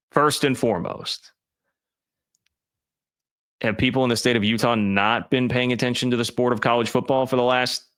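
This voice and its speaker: A man hosting a college football commentary show, talking to his viewers in a bright, forceful voice. He makes his points emphatically, leaning hard on key words, in a loose conversational way. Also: mid-range voice. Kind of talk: opinionated sports commentary.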